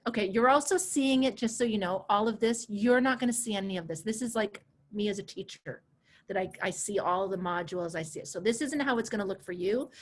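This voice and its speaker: A woman in her forties teaching a live online coaching class over a video call, chatty and animated, laughing easily and repeating herself. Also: medium pitch, fairly quick. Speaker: coach and course instructor.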